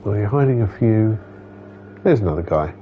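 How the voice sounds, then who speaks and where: A man's voice: on the low side, expressive, moderate pace, highs cut off, slight background noise. A man streaming a game, chatting casually, talking to the characters and reading their dialogue aloud. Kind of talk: casual gameplay commentary.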